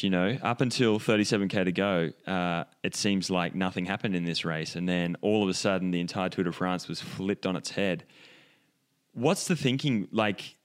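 Male co-host, very low resonant voice, easygoing race chat. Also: smooth. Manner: relaxed, chatty, laughs easily, fillers. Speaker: cycling podcast co-host. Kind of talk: casual race analysis chat.

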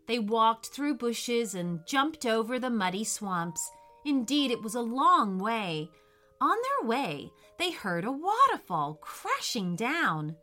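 Slow, expressive woman storyteller. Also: fairly high pitch, faint music behind. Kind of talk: children's story narration.

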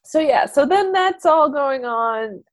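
Brief: woman podcast host, lively storyteller, acts out the dialogue. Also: high-pitched, slow. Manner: animated storytelling, acts out characters' lines. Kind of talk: casual movie recap chat.

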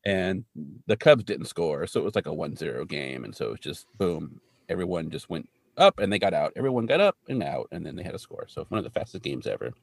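A man's voice: sits low, brisk, gravelly, slightly rough. A man co-hosting a podcast, joking and acting out characters as he retells a TV episode. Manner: animated, jokey, mimics characters in quotes. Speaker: podcast co-host. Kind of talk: casual episode recap chat.

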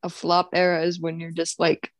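A woman guest on a podcast speaks breezily and playfully in a slightly low voice. Her sound is dry and close. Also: monotone, normal speed, no room sound. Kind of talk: casual chat.

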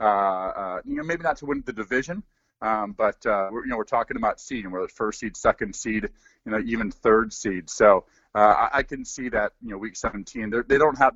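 A man in his forties, a former pro football player, talking through sports in a relaxed, rambling way with many fillers. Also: on the low side, no echo, dull audio. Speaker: former NFL player, guest analyst. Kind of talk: casual sports talk.

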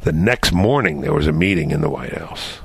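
Gravelly older man telling lively stories. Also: very deep voice, a little fast, no echo. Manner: animated anecdotal storyteller with laughs. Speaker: podcast host. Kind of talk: casual storytelling.

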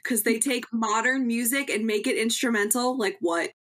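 A woman host chatting casually, excitable and quick to gush. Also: on the high side. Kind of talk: casual chat.

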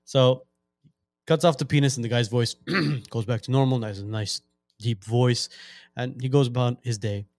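A man hosting a podcast, telling a joke story in a relaxed, casual way. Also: medium pitch, normal speed, no echo. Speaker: podcast host.

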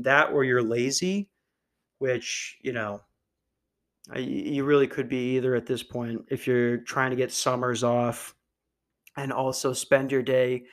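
A young adult man hosting a podcast, delivering a dark comedy monologue in a dry, deadpan way. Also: medium pitch. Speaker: podcast host.

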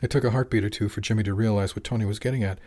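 A man reading a novel aloud as narrator, steady and measured. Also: on the low side. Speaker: audiobook narrator. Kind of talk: scripted narration.

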